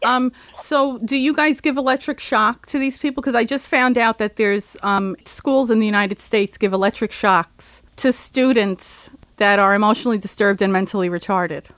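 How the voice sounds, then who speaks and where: A woman's voice: a little high, moderate pace, few pauses, fairly bright tone, no room sound. A woman hosting a casual talk show, ranting and chatting with plenty of filler words. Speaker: host. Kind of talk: casual opinion chat.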